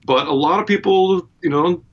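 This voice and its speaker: A man's voice: sits high, normal speed. Laid-back male guitarist, slightly muffled. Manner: laid-back, wry storyteller. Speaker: guitarist and guest. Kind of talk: relaxed interview chat. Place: his home studio.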